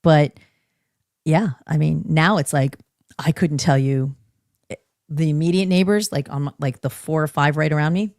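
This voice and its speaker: A podcast co-host making quick jokes, laughing often and reading out chat comments in casual talk. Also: mid-range voice, darkish tone, no room sound, clean studio sound.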